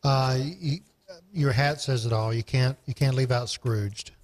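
A man co-hosting a casual talk show about movies, making dry, deadpan quips. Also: medium pitch, unhurried. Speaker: co-host, film reviewer.

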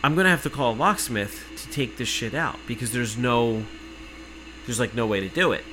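A man telling an exasperated, profane story in casual podcast chat, cursing freely and working himself up to shouting. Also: medium pitch, normal speed, over music, rough recording.

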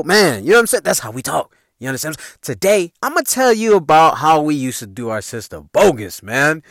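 A man's voice: on the high side, very animated, fairly quick, few pauses, fairly bright tone, dry recording, studio quality. A man in his forties from Chicago, with a Chicago accent, hosting a casual storytelling podcast in a loose, profane way and laughing at his own jokes. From Chicago, USA. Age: 40s. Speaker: podcast host.

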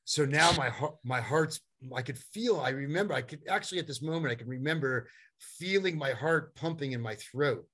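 A middle-aged man telling a long story as a guest, animated and rambling, with many fillers and restarts. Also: a little high, moderate pace, husky. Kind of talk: storytelling in a conversation.

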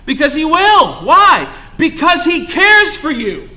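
A young male preacher with a high, ringing voice delivers an impassioned sermon. He swings between loud exclamations and quiet, hushed asides. His tone is bright and forceful throughout. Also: big pitch swings, slow.

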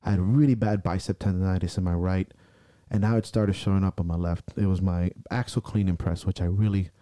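A man speaks with a deep, very dark and mellow tone in a loose podcast chat. He tells his story with raw intensity and a lot of swearing, and he acts out the heated self-talk he used to push himself. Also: fairly even intonation, brisk, no echo, studio quality. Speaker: strongman athlete and podcast guest. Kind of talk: casual podcast conversation.

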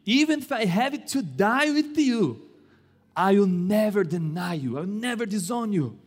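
A man's voice: high-pitched, animated, moderate pace, voice pushed up. A man voicing a boastful, stubborn male disciple who protests emphatically, in a raised, pleading voice. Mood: insistent. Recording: echoey church hall.

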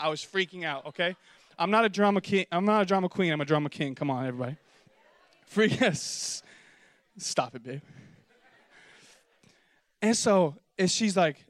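A young male pastor with a high, bright voice tells a comic story from the pulpit. His sound is close and dry, with no room echo. He shifts into excited, animated voices when he acts out what people said. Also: a little fast. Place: church auditorium with congregation.

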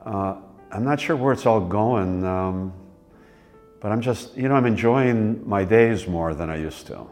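A man in his sixties, interviewed, telling his life story in a rambling, relaxed way with many fillers. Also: on the low side, a little slow, faint music behind. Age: 60s. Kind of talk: reflective personal storytelling.

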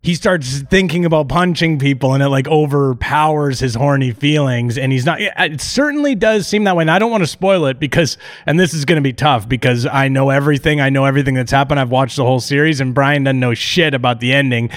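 A man's voice: medium pitch, brisk, hardly any pauses. A man hosting a podcast in casual chat, rambling and joking with frequent restarts and swearing. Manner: rambling, profane, jokey, with restarts. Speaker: podcast host.

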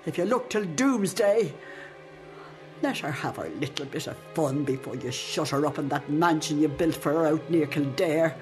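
A woman's voice: low voice, animated, moderate pace, a little mellow, faint music behind. An Irish actress playing a fiercely loyal old nurse who reared a girl, spirited and argumentative, in a radio drama. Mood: pleading.

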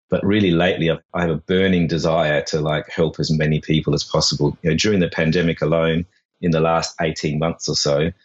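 Very deep-voiced man on a dull line. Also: breathy edge. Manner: chatty, with fillers and restarts. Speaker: author and burnout coach, podcast guest. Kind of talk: casual interview talk.

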